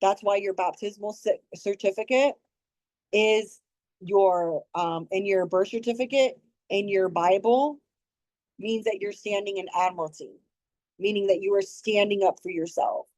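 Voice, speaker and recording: A woman's voice: mid-range voice, measured pace, darkish tone, no room sound, poor audio. A woman hosting a community talk, earnestly instructing and urging listeners on. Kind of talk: teaching talk on a community call.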